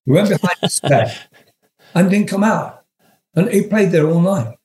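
An older man from England spins a loose, chuckling anecdote as an interview guest, his voice sitting a little high for a man. He swears casually and wanders through the story, and the recording carries a roomy echo around him. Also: moderate pace, a little mellow. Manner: chuckling, profane, rambling anecdotes.

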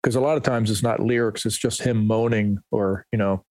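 A man's voice: lowish voice, fairly even intonation, a little fast, a little mellow, no echo. Middle-aged man telling rambling stories. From New Jersey, USA. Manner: rambling, restarts, quotes others in anecdotes. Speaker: musician guest. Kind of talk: casual interview storytelling.

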